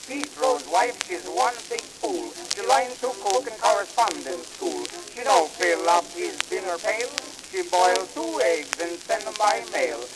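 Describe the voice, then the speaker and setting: A man singing as a boastful Italian immigrant in a put-on mock Italian accent, with rapid broken-English patter in a 1920s comic novelty song. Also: high-pitched, poor audio.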